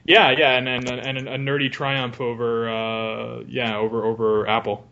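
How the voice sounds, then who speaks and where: A man's voice: mid-range voice, level tone, unhurried, creaky, pushed and bright. A man co-hosting a casual podcast chat, telling wry, rambling stories. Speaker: podcast co-host. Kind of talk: casual chat among friends. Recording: muffled lo-fi call audio.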